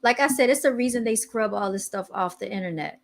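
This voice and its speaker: A woman hosting a casual podcast, chatting in an animated way while searching online and reading posts aloud. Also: fairly high pitch, quick pace, creaky. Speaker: podcast host. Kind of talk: casual chat.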